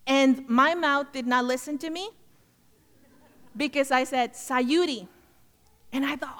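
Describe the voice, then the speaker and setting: A woman with a high voice tells a personal testimony from the pulpit. She plays out both sides of a conversation with feeling. A long hall reverb trails her words. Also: expressive, normal speed. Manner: heartfelt storytelling, acts out both sides of the conversation. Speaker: speaker giving a testimony.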